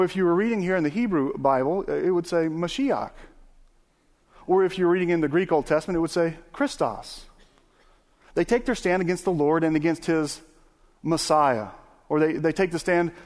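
A man's voice: fairly high pitch, moderate pace, pauses often, a little mellow. A man, preaching a folksy sermon with many fillers and restarts.

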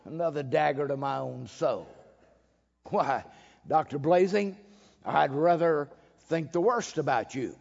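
A man delivers a sermon in a high voice at a slow, deliberate pace. He swings between loud bursts and hushed asides and acts out the voices he quotes with wry humor. The dull recording carries a long hall reverb. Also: lively intonation, gravelly. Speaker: preacher.

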